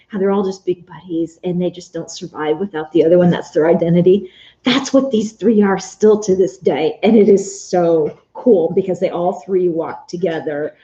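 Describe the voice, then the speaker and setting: A woman's voice: lowish voice, warm tone, muffled recording. A woman chatting casually on a live stream while she sews at home, answering viewers' comments by name. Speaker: Etsy shop owner live-streaming while sewing.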